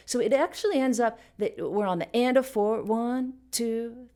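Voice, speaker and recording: A woman's voice: on the high side, animated, unhurried, a little mellow. A woman hosting a casual music lesson, explaining rhythm and stopping to sing and beatbox short examples. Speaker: music teacher and channel host.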